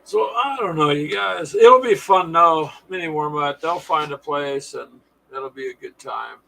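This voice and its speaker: A man's voice: a little high, moderate pace, vocal fry, pushed and bright, low-quality recording. A man hosting a casual live stream, chatting with viewers in a folksy, sarcastic way.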